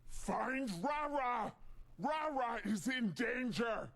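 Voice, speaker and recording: An actor playing a hulking, angry male mutant brute in a video game, who talks bluntly in broken grammar with a gravelly, husky voice. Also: extremely high pitch, animated, background noise, full character voice. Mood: demanding. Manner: blunt, threatening, slow and heavy.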